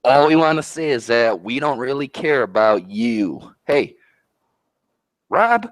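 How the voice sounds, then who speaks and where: A man's voice: medium pitch, big pitch swings, slow, dry recording. A man co-hosting a show, delivering brash, profane, boastful trash talk like a wrestling promo. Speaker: co-host.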